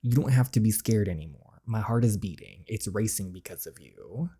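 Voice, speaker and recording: A tender, earnest young man from a story game, read by a man in his own voice. He speaks softly and quietly, with a warm, mellow tone. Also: animated, normal speed, breathy edge. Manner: soft, low-volume, earnest reading. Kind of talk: game dialogue read aloud.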